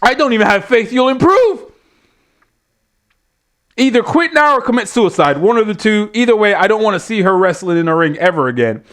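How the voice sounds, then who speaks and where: A high-voiced man reviews a wrestling show in a profane, exasperated rant. He talks bluntly and swears constantly, piling up his complaints. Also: lively intonation, a little fast, fairly bright tone.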